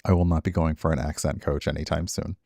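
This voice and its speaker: Deep-voiced middle-aged man chatting on stream. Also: level tone, fast talker, vocal fry, mellow, dry recording, studio quality. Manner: rambling, self-deprecating, chatting to viewers. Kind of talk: casual stream chat.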